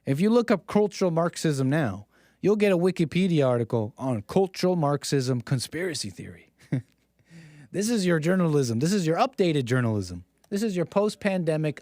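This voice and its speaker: A man's voice: on the high side, a little mellow, dry recording, studio quality. A man hosting a live stream, talking in a sarcastic, mocking, rambling monologue. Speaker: stream host.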